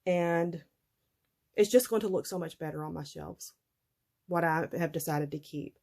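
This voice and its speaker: Chatty woman, low voice. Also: measured pace, creaky, a little mellow. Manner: chatty, laughs often, folksy. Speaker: vlogger. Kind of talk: casual chat to viewers.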